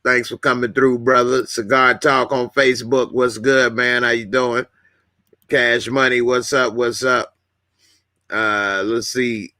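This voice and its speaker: A man's voice: mid-range voice, pushed and bright, no room sound, studio quality. A man casually hosting a live stream, chatting with viewers, greeting commenters and laughing often. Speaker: YouTube host.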